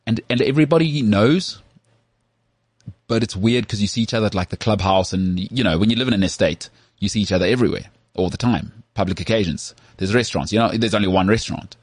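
A man from South Africa co-hosting a podcast in casual chat, animated and full of restarts. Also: on the low side, fast talker, breathy edge, dry recording. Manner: animated, full of restarts and "you know what I mean". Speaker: podcast co-host.

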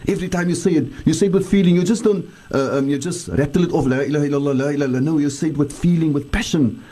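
Male scholar, radio talk, earnest and emphatic, husky tone. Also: fairly high pitch, quick pace, dark tone. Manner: earnest, emphatic, repeats phrases for stress. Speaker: Islamic scholar answering listeners on radio. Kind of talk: radio talk on faith, leading remembrance.

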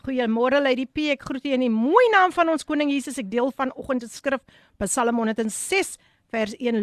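A South African woman hosting a live show, reading out listener greetings in a lively voice that switches between English and Afrikaans. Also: high-pitched, fairly quick, no room sound, clean studio sound. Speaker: host.

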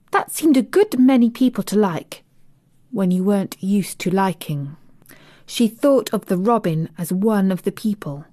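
Slow, gentle woman narrator. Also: mid-range voice, dry recording, clean studio sound. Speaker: audiobook narrator. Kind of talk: scripted storybook narration.

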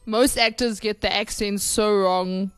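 A woman co-hosting a casual film podcast, excitable and quick to laugh. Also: mid-range voice, smooth, no echo. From South Africa. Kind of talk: casual chat.

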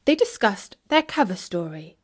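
Lady telling a kids' story, clear and expressive, storybook reading. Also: mid-range voice, moderate pace. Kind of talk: children's audiobook narration.

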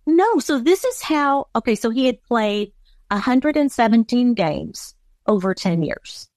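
A woman's voice: a little high, animated, measured pace, a little mellow, dry recording. A woman in an interview, speaking candidly about her husband and laughing now and then while telling hard memories. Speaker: interviewee, wife of a former football player. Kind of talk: personal interview.

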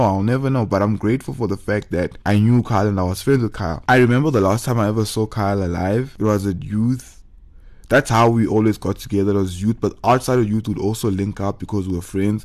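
A man's voice: fairly low pitch, darkish tone. Tearful young man telling a personal story. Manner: halting, emotional, repeats words. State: tearful, holding back crying. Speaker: podcast host.

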